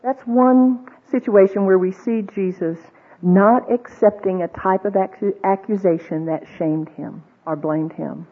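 In an unhurried, mid-range voice with a breathy edge, a woman teaches the Bible conversationally to a women's group. She acts out the voices she quotes, asks the audience questions, and uses fillers and restarts, captured on a tinny, phone-like old recording.

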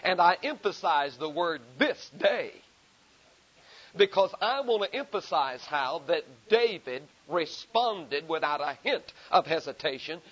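A male preacher delivering a sermon in a somewhat high voice. He stacks repeated phrases for emphasis and slows down to read scripture with weight. The recording sounds dull and lo-fi. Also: expressive, fairly bright tone. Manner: rhetorical repetition, emphatic rising delivery; slow deliberate reading of scripture.

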